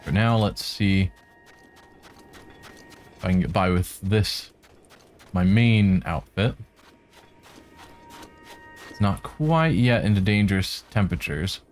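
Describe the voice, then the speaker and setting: A man giving relaxed let's-play commentary, making wry asides and talking to the enemies on screen. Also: low-pitched, takes it slowly, long pauses, soft background music. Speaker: game streamer.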